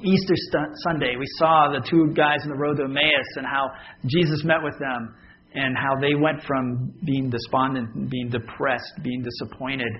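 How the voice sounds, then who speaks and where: Male pastor, mid-pitch, chatty sermon delivery with asides to the room; dull lo-fi recording, faint noise. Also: level tone, moderate pace. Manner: conversational, joking with the congregation.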